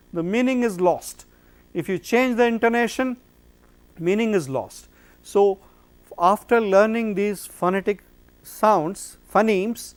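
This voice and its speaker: A man's voice: high voice, clean tone. A man giving a phonetics lecture, explaining step by step and answering his own questions. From India.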